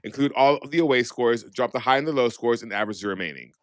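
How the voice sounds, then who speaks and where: A man's voice: medium pitch, fast. A man hosting a casual chat podcast in a sassy, gossipy way, cursing freely. His voice sits in a middling range. The sound is dry and close, with no room echo. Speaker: podcast co-host.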